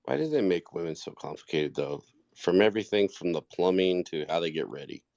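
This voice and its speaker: Man, low voice, exasperated profane rant, casual call-in talk, dry. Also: expressive, brisk, gravelly, darkish tone, no room sound.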